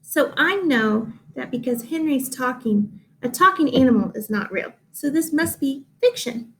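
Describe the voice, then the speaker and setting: A woman reading a picture book aloud to children, slow and expressive, stopping to explain. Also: high voice.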